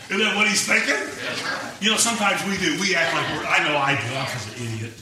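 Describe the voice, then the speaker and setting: A middle-aged man preaching a sermon, emphatic and animated, with folksy asides and chuckles. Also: sits high, fast, background noise. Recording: echoey room, mic far off.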